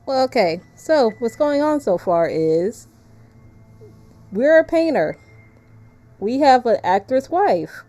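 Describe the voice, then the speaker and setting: Woman game streamer, unhurried and mellow, chatty and easy to laugh. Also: fairly high pitch, sing-song, soft background music. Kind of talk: casual gameplay commentary.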